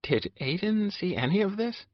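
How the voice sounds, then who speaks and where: A male narrator voicing a gentle, caring young woman who speaks softly and apologetically. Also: high-pitched, expressive, moderate pace, no echo, dull audio, voice pushed up. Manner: soft, hesitant, apologetic.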